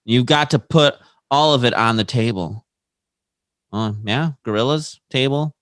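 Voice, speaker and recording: A man's voice: medium pitch, a little slow, fairly bright tone, no room sound. A man co-hosting a casual podcast, reading quotes aloud and laughing between them. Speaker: podcast co-host.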